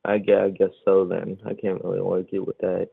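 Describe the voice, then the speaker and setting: Hesitant low-voiced male caller on phone. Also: completely flat delivery, creaky, husky, dry recording. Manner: hesitant, halting, many false starts. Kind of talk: call-in debate. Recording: dry tinny phone line.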